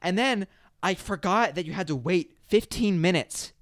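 A man in casual podcast chat, with a voice on the higher side, telling stories with lots of swearing and acted-out quotes. The sound is dry and close. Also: normal speed, no echo. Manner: animated storyteller, swearing, laughing, acts out quotes.

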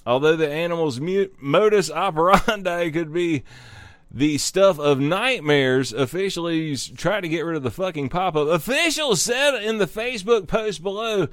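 A man's voice: a little high, normal speed, a bit bright, no room sound. A man hosting a comedy talk show, reading out strange news stories and riffing on them with profane asides. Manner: profane, riffing asides between read-out headlines.

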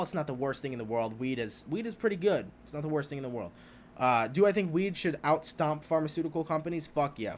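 A young man hosting a podcast, talking alone in a rambling, profane, animated way about spirituality, laughing often. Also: a little high, a little hiss or hum. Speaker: podcast host. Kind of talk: casual spiritual podcast monologue.

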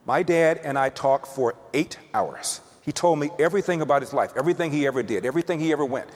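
A man's voice: a little high, fast, darkish tone. A man giving an emphatic storytelling speech, repeating words to build each point. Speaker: speaker telling a personal story. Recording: long reverb of a hall.

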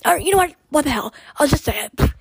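A young woman hosting her own podcast in a rambling, chatty way full of fillers, her voice hoarse and short of breath. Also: sits high, expressive, fast, a little mellow, no echo, low-quality recording. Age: young adult. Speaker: podcast host. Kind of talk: casual solo podcast chat.

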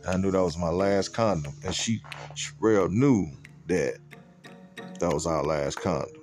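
A man's voice: deep voice, moderate pace, a little mellow, soft background music. A man hosting a podcast, telling a personal story in a loose, profane, conversational way. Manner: fillers like "you know what I'm saying". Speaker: podcast host. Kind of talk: casual storytelling.

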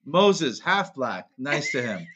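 A man's voice: medium pitch, big pitch swings, slow, sharp tone, breathy edge. A man, a podcast co-host, telling crude stories in casual, mock-defensive chat.

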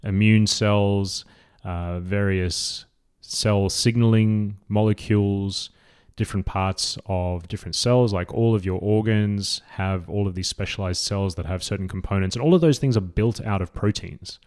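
A man with a very low voice talks through fitness ideas in an easygoing, explanatory way. His delivery is conversational, peppered with fillers, and he speaks like a coach breaking ideas down simply. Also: a little slow, smooth. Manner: relaxed, conversational, frequent fillers. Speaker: fitness educator. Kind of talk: casual explanatory talk.

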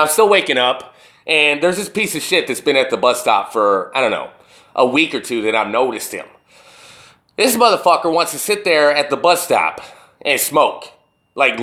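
Young man, profane, rambling monologue, lively up-and-down pitch, slightly high voice, indoors. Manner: profane, rambling, swings between loud retelling and low muttering. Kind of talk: casual storytelling monologue to camera. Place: indoors, wall behind him.

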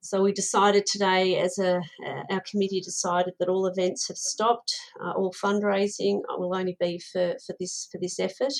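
A woman's voice: mid-range voice, level tone, moderate pace, hardly any pauses, poor audio. Impassioned woman community organiser. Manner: impassioned and earnest, with many repeated words. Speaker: Ukrainian diaspora community organiser. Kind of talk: interview answers.

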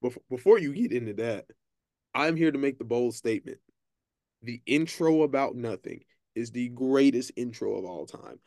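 This Texan man co-hosts a casual podcast, speaking boldly and emphatically with lots of profanity. His mid-range voice is animated and a touch mellow at a normal speed, captured dry in studio quality.

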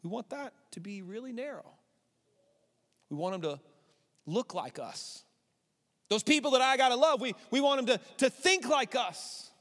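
A man's voice: very high-pitched, lively intonation, moderate pace, long pauses, a bit bright. A man in his thirties preaching a sermon as pastor, candid and conversational, building to emphatic passages. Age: 30s. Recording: long hall reverb.

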